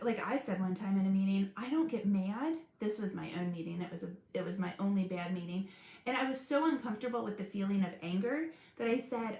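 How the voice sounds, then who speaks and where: Animated woman, echoey room. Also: a little high. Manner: earnest, animated, laughs often. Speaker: special education advocate hosting a live stream. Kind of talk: casual live-stream talk.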